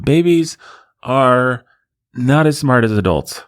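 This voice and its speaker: A man's voice: medium pitch, very animated, unhurried, no room sound. A man hosting a podcast alone in the studio, riffing in a sarcastic, rambling way. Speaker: podcast host. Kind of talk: solo podcast monologue.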